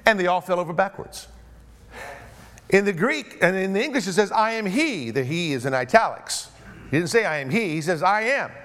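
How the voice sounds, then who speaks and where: A man delivers a sermon in a fairly high voice. He sinks into hushed, drawn-out phrases, then rises into forceful, emphatic declarations. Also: lively intonation. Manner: dynamic preaching, swings between hushed low phrases and raised emphatic ones. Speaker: pastor.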